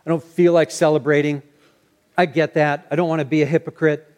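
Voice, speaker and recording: A man preaching a sermon as pastor, earnest and animated, sometimes restarting his phrases. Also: a little high, brisk.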